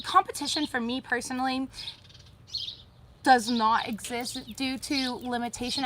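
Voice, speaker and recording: A woman hosting a casual mindset talk, blunt and chatty, swearing freely and filling pauses with ums. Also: on the high side, background noise. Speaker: host.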